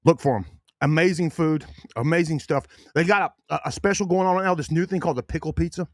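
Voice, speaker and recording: A man's voice: fairly high pitch, fast talker, dry recording. Male host, folksy sponsor-read energy, dry close mic. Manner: chatty, folksy, many fillers and restarts. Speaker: podcast host. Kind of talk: casual sports podcast chat with sponsor reads.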